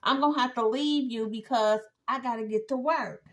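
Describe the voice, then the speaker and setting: A woman voicing a brisk young woman who curtly brushes someone off. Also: on the high side, close to an everyday voice. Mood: dismissive.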